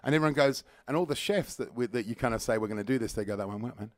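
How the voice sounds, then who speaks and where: A middle-aged man, a food critic on a radio studio interview, talking fast and with lots of enthusiasm. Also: medium pitch, no room sound. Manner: fast, enthusiastic, animated storytelling. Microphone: studio microphone.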